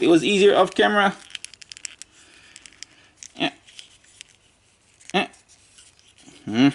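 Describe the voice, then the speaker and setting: A man's voice: sits high, animated, takes it slowly, gravelly, pauses often, fairly bright tone. Man casually reviewing a toy. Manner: mutters and jokes to himself while handling the toy.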